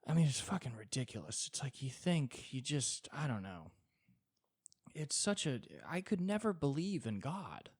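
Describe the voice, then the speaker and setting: A man's voice: medium pitch, big pitch swings, moderate pace, a little mellow, breathy edge, no room sound, studio quality. A man doing a stand-up style solo podcast monologue, rambling and exasperated, with swearing riffs. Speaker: stand-up comedian and podcast host.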